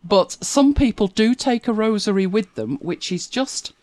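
A woman's voice: medium pitch, animated, moderate pace, darkish tone, no echo. A woman, chatting casually as a podcast co-host and telling stories with frequent laughs. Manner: chatty storyteller, laughs often. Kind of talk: casual chat.

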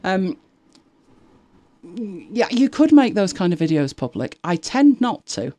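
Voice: medium pitch, very animated, takes it slowly, warm tone, no room sound. A host of a tech live show chatting casually, rambling with frequent restarts and exasperated asides. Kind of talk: casual chat.

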